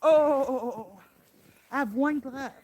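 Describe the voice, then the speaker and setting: Speaking very slowly in a high-sitting, darkish voice, an older woman chats on a live stream from the snow, showering her grandchild with affection and laughing often. She films on a handheld phone, and there's slight background noise.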